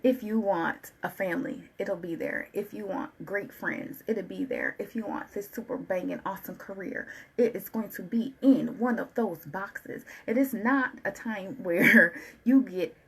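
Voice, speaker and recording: A woman giving a channeled tarot reading, talking in an animated, colloquial way and repeating phrases in a preaching rhythm. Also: mid-range voice, a little slow, gravelly, few pauses, husky, poor audio. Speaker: tarot reader.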